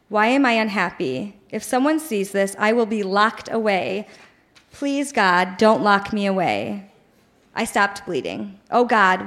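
A woman in her late twenties reading her teenage diary aloud at a live show in a bar, dramatic and earnest, with laughter in her voice. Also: mid-range voice. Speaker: reader on stage.

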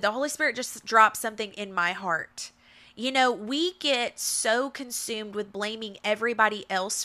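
A woman's voice: fairly high pitch, sharp tone. A woman hosting a faith-based motivational talk, speaking in an emphatic, repetitive, preacherly way. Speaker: podcast host.

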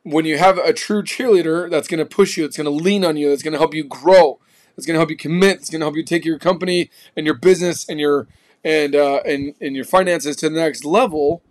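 Podcast host, male, higher-pitched, slangy and forceful, a motivational speaker. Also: fairly quick. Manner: emphatic, slangy, punchy. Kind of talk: motivational talk.

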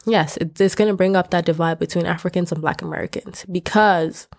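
A woman's voice: fairly low pitch, fairly even intonation, brisk, vocal fry. A young adult woman vlogging, talking casually and rambling, often correcting herself and laughing, rising into emphatic outbursts. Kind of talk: casual talking-to-camera rant.

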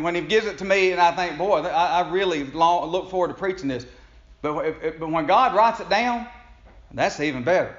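Man, preacher, sermon, folksy, conversational, chuckles, echoey room, muffled lo-fi sound. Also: a little high.

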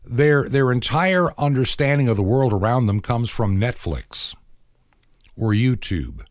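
Measured and expressive, this mid-range voice belongs to a middle-aged radio host giving a preachy talk-show monologue. He's earnest and moralizing and performs quoted lines of conversation; the recording is dry and studio quality.

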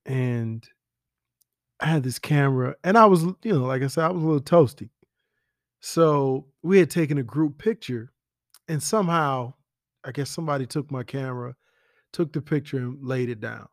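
A man telling stories about a late friend in a casual, animated way, with slang and whispered asides. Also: mid-range voice, dry recording, clean studio sound. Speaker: friend giving a spoken tribute. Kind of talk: casual storytelling.

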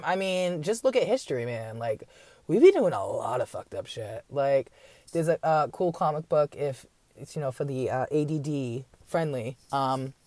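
With a low voice and a darkish tone, a woman podcast host goes on a rambling, profanity-laden late-night rant. She mimics other people in mocking voices and adds wry asides along the way. The audio has no echo.

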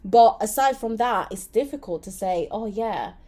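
A woman from Italy co-hosting a podcast in lively, casual chat. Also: mid-range voice, moderate pace. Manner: lively, chatty, laughs often. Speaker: podcast co-host.

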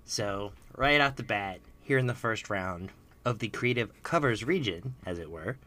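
A man's voice: on the low side, animated, normal speed, bright, forceful tone. A man hosting a casual podcast, chatty and self-deprecating, often restarting his sentences. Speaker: podcast host running a song bracket.

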